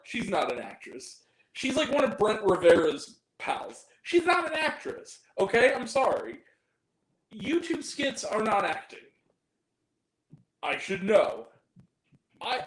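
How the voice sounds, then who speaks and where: A man's voice: high-pitched, echoey room, low-quality recording. A man giving a ranting movie review, exasperated and profane, with self-deprecating asides. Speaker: film reviewer.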